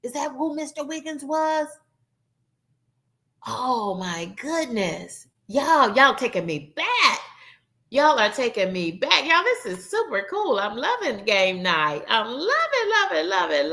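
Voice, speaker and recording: A woman's voice: high-pitched, big pitch swings, takes it slowly, sharp tone. A woman hosting a casual live-stream game night, reading viewers' answers and chatting with them as y'all. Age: adult, 21 or older. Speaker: livestream game night host.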